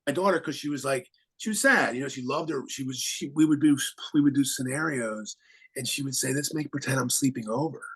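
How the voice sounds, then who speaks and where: Husky man talking haltingly. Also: mid-range voice, fairly bright tone, rough recording. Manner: halting, many restarts and fillers. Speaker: attorney and guest. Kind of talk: casual interview talk.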